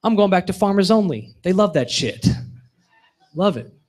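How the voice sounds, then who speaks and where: A young man doing a stand-up comedy set on a bar stage, with punchy deadpan delivery that drops low for asides. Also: moderate pace.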